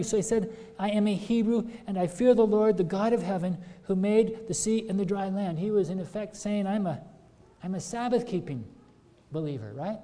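A man's voice: high-pitched, normal speed, warm tone. A man preaching a sermon, retelling a scripture story and putting earnest questions to his congregation. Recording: long hall reverb.

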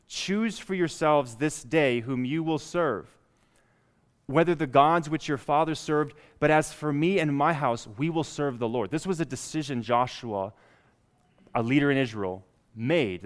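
A man's voice: on the high side, clean tone. A man preaching a sermon, reading scripture aloud and building up emphasis on key lines. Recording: long reverb of a hall.

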